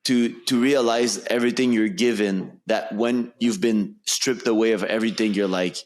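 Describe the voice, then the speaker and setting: A man's voice: fairly low pitch, steady tone, moderate pace, a little mellow. A man hosting a casual podcast chat, telling stories animatedly and swearing freely. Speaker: podcast host.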